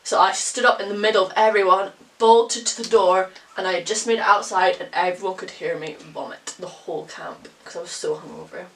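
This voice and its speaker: A woman's voice: mid-range voice, steady tone, a little fast, hardly any pauses, fairly bright tone, rough recording. Young woman, interviewee, frank and self-mocking, mid-range voice. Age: young adult. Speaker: documentary interviewee. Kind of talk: casual anecdote.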